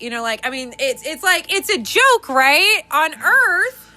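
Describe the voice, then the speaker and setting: A young adult woman hosting a casual podcast, sassy and animated, laughing often. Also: high-pitched, measured pace, faint music behind. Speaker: podcast host.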